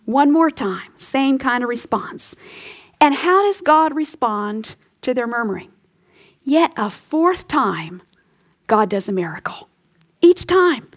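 Earnest woman teaching scripture, soft-voiced. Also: high-pitched, big pitch swings, takes it slowly. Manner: earnest, often drops to a soft breathy hush for emphasis. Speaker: Bible teacher. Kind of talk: radio Bible teaching ending in prayer.

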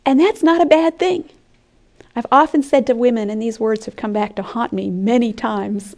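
A woman giving an earnest sermon-style Bible teaching, often dropping her voice to a soft whisper for emphasis. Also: a little high, moderate pace. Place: conference room with an audience.

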